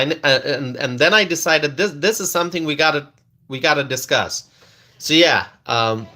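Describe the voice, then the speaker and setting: Casual political commentary for live viewers comes from a male livestream host whose voice is high and sharp. He drawls slowly, restarts a great deal, laughs frequently and repeats lines for effect.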